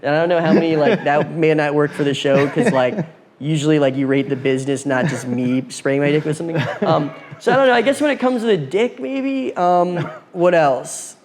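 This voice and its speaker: A man's voice: fairly high pitch, brisk, crowd noise. A man, a guest who rambles through a casual chat with lots of fillers and laughter. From New York. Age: late 20s. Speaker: guest, filmmaker.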